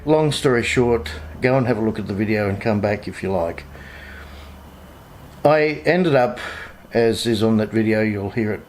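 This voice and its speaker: A man's voice: lowish voice, slight background noise. Indignant Australian man telling a story. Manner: indignant storytelling, retelling phone calls in his own voice. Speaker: vlogger. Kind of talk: casual vlog update.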